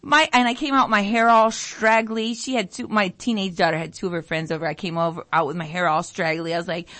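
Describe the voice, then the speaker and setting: A woman's voice: fairly quick, no room sound. A middle-aged American woman hosting a talk radio show, rambling through a story, mimicking family members, and sniffling from allergies. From United States. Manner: animated storytelling, mimics family voices, jumps pitch for emphasis. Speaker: radio show host, nurse.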